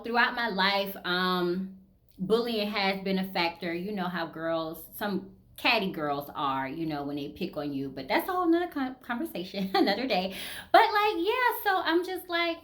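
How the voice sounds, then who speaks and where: A woman's voice: medium pitch, expressive, normal speed, fairly bright tone. A woman in her thirties from the American South with a Southern accent, talking candidly and casually to her viewers, full of "you know" and "like.". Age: 30s. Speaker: vlogger. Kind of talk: casual personal chat to camera.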